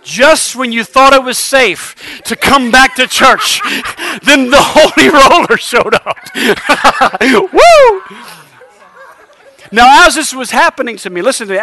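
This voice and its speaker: A middle-aged man preaching a revival sermon, telling a lively story and building to shouted exhortation. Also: very high voice, a little slow.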